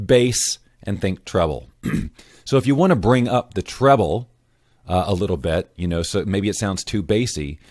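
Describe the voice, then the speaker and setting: Male tutorial host, low voice, loose and conversational, dead-dry close recording. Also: darkish tone, no echo. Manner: casual, self-correcting, clears throat often. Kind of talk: screen-recorded software tutorial.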